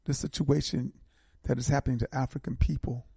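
An older man hosts a call-in radio show, his voice gravelly and husky. His tone is dark and mellow, and he builds his points through preacherly repetition. The sound is dry and close. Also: medium pitch, level tone, fairly quick, no room sound. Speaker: radio talk show host.

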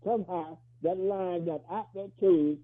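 A man's voice: high voice, fairly even intonation, a little slow, background noise. A man calling in to a talk show, speaking loosely and casually and ending lines with "man". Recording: tinny phone line.

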